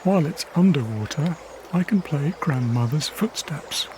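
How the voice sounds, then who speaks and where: A man, a wildlife cameraman from England, narrating his diary in a quiet, measured, reflective documentary voice. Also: a little high, expressive, noisy background. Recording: faint river ambience behind.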